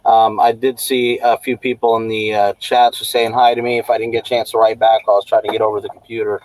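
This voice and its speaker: Man, guest on a live stream, apologetic, halting with fillers. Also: lowish voice, little pitch movement, darkish tone, no echo, rough recording. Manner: apologetic, hesitant, many fillers. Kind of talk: casual live-stream chat. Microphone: laptop over a slow hotspot.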